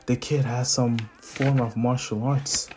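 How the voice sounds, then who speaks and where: Cocky villain swordsman muttering low taunts, guy putting him on. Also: level tone, a little slow, noisy background, lightly acted. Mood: smug. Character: ruthless adult male villain swordsman, cocky.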